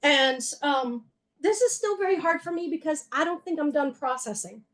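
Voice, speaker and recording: High-voiced woman giving an earnest slideshow talk. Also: animated, moderate pace. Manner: conversational, with frequent fillers and self-corrections; earnest and emotional, with wry humor. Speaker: museum executive director giving a talk.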